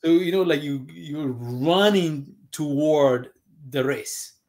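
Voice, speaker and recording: A man's voice: on the high side, slow pace, a little mellow. A man calling in as a guest on a video call, rambling with many fillers as he explains his project. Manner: rambling, many fillers, laughs between points. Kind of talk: casual conversation over video call.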